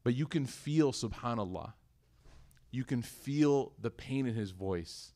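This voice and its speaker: A man's voice: medium pitch, lively intonation, unhurried, warm tone. A man teaching an Islamic lecture, telling stories in an earnest, emotional way and reciting Arabic verses. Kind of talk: religious lecture with storytelling.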